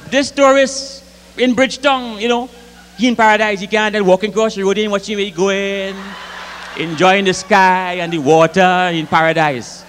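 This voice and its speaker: Grenadian guy doing comic stories live, high voice, big hall echo. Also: a little hiss or hum. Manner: lively, dialect-rich, acts out voices. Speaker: storyteller. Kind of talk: stage comic storytelling. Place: concert hall with audience. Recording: live concert hall reverb, faint ambience.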